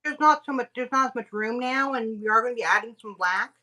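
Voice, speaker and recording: A woman teaching tie-dye on a livestream, explaining each step in a steady way with small fillers. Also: fairly high pitch, fast talker. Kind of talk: livestream craft demo chat.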